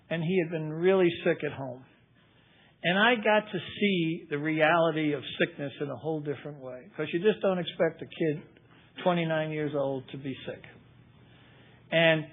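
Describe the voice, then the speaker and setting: Older man, recovery meeting speaker, wry conversational storytelling, slightly high voice, tinny phone-like sound.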